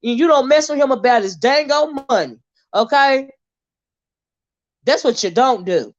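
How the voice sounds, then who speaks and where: A sassy, outspoken woman hosting a live stream, talking bluntly and swearing freely. Her voice sits a little high. The sound is dry and slightly muffled, as if from a modest mic. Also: lively intonation, a little slow, no room sound. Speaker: host. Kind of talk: casual live-stream commentary.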